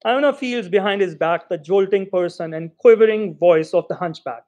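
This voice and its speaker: A man reading a short story aloud in an expressive, theatrical way. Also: sits high, moderate pace. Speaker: reader.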